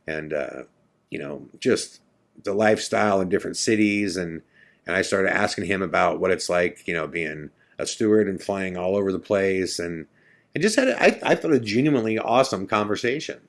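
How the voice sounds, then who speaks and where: A man's voice: deep voice, expressive, normal speed, gravelly. A man hosting a podcast, casually telling a first-person story in a chatty, self-correcting way. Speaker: podcast host.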